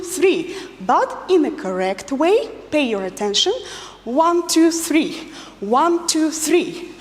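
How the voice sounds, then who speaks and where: High, lively woman teaching dance. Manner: counts beats and gives instructions. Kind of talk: instructional dance class. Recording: long reverb with faint music.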